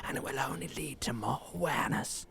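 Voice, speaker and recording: An actor voicing a gruff rasping inner voice with a rough near-Cockney accent, gravelly and husky, speaking slowly in a hushed, menacing way. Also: male voice, medium pitch. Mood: ominous. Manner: slow, menacing hushed delivery.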